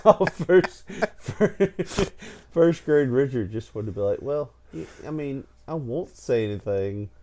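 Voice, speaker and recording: A man telling a childhood story in casual chat, animated and often laughing as he talks. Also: medium pitch, slow pace, a little hiss or hum. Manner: animated, laughs through his own story.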